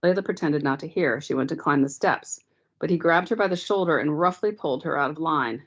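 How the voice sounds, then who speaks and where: Over muffled, lo-fi meeting audio, a teacher with a low voice reads from a novel to her class. She keeps her delivery even and measured throughout.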